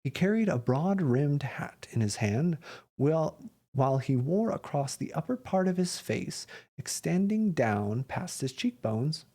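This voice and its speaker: A man reading a classic story aloud with expressive narration. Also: fairly high pitch, breathy edge.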